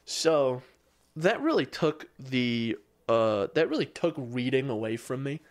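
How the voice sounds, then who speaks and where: A man's voice: medium pitch, lively intonation, a little slow. A man co-hosting a podcast in casual chat, ranting with dry exasperation and casual swearing. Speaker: podcast co-host.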